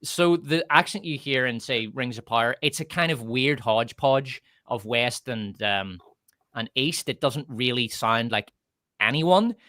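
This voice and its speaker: Casting: northern Irish man, blunt and profane, forceful bright voice, dry close sound. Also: mid-range voice, a little slow, dry recording. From north of Ireland. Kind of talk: casual opinionated chat.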